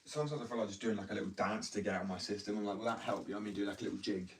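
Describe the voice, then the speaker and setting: A man's voice: lowish voice, fairly even intonation, very fast, distant mic, a little hiss or hum, poor audio. A man in casual, rambling live chat, joking and slangy as he talks about addiction. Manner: chatty, joking, slangy, self-interrupting. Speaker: livestreamer talking about addiction.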